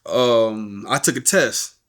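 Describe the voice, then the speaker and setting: Animated man telling a story. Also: mid-range voice, takes it slowly. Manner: animated, acts out quoted voices. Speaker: podcast guest. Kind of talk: casual storytelling interview.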